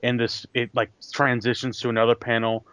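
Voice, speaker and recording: A man's voice: medium pitch, flat delivery, fairly bright tone, clean tone, dry recording. A young man, a guest on a podcast, casually recalling a comic story and hunting for his words as he goes. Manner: halting, searching for words. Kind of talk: casual chat. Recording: dry, dull lo-fi sound.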